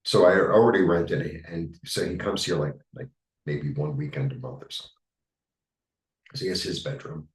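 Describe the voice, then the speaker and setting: A man with a New York accent giving a rambling, halting tarot reading, full of fillers. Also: extremely low pitch, fairly even intonation, reverberant, distant mic, poor audio. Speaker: tarot reader. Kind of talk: casual spiritual monologue.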